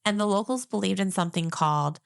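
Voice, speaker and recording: A woman's voice: medium pitch, fast, creaky, clean tone, no echo, studio quality. A woman co-hosting a podcast in a casual chat, telling facts and laughing often. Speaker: podcast co-host.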